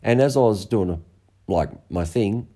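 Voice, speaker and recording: A man's voice: lowish voice, animated, normal speed, mellow. An Australian man co-hosting a podcast, telling a story in a candid, laid-back, joking way. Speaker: podcast co-host. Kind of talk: candid casual chat.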